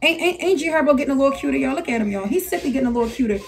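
A woman's voice: high voice, animated, rapid-fire, crowd noise. A woman hosting a casual live stream, brash and profane, ranting to her viewers.

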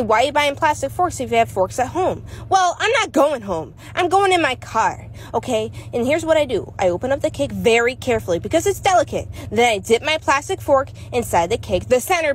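A woman's voice: high-pitched, slight background noise. A young adult woman doing a comedic vlog monologue with a dramatic, sassy, exaggerated delivery. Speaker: comedy content creator.

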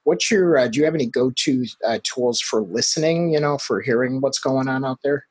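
A man hosting a marketing webcast, asking questions with hesitant fillers and quick affirmations. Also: medium pitch, husky, no echo, low-quality recording. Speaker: webcast host. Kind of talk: casual webcast interview.

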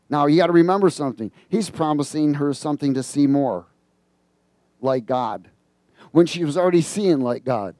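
A man's voice: a little high, moderate pace, darkish tone, no room sound, studio quality. A male preacher giving a sermon, reading scripture aloud and prompting the congregation to fill in the words. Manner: reads scripture aloud and comments on it.

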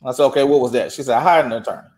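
A man's voice: mid-range voice, racing. A man telling a courthouse story in casual chat, acting out the dialogue. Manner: animated, acts out quoted dialogue. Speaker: guest.

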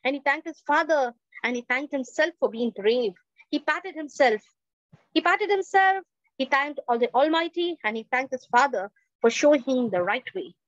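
A woman with a high voice tells a story with dramatic flair, repeating phrases and putting questions to her audience. The sound is dry and a little dull, like a lo-fi recording. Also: animated, moderate pace, dry recording. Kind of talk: oral storytelling at a festival. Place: indoor festival stage.

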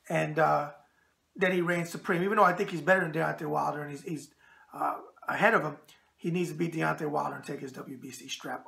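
Middle-aged male host, brash tough-guy talk, bright gravelly voice. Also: a little high. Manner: brash tough-guy banter, calls people pal. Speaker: boxing show host. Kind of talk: casual mailbag show.

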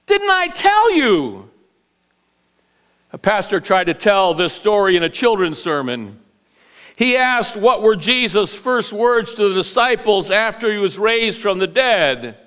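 A male pastor preaching an Easter sermon, telling a story with lively delivery and playful acted-out voices. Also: high-pitched, unhurried, clear, resonant tone. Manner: animated storyteller, acts out voices. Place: church sanctuary.

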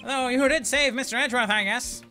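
A man putting on a brash, gruff cop voice. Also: very high voice, fairly quick, sharp tone, soft background music, voice pushed up. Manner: brash, says "pal" and "see?". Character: gruff, eager, loyal male police detective.

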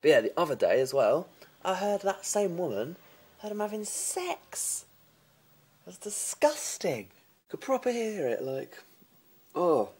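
A man chats into his phone camera at home, his voice leaping all over the place as he gossips about the neighbours. His tone is soft and breathy, dropping to a hushed murmur whenever he worries about getting caught. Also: normal speed. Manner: animated, mimics neighbours in shrill shouts and whispers. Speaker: vlogger. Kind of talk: casual gossipy vlog. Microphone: phone camera held by hand.

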